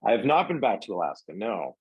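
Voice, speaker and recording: Middle-aged male actor guest, deep husky voice, rambling anecdotes, dry close sound. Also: big pitch swings, fast, no echo, lo-fi sound. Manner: rambling, many fillers and restarts. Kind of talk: casual interview chat.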